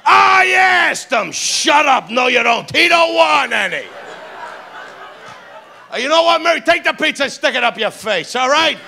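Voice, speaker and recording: A man playing a loud, brash old uncle from Boston, a gruff tough-guy joker who bosses and shouts. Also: very high voice, big pitch swings, measured pace, a faint crowd, slight background noise, pitched above the performer's own voice, full character voice. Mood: rowdy.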